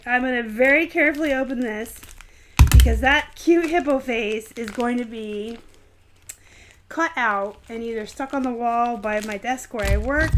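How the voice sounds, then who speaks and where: A young woman hosts a casual live stream, opening a present with gushing delight and frequent giggles. Her voice sits a little high, and she talks at an easy, unhurried pace. A faint hiss runs under the recording. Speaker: host of a reselling channel, live show.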